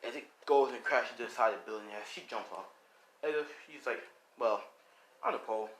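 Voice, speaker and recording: A man's voice: mid-range voice, fairly quick, a bit bright, slight background noise. A young man casually improvising a story, rambling with lots of "like" and "you know".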